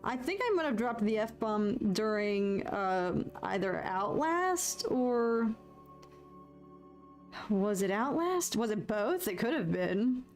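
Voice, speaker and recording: A woman's voice: medium pitch, animated, slow, faint music behind. A woman, chatting casually with her livestream viewers, laughing often and poking fun at herself. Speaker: livestream host.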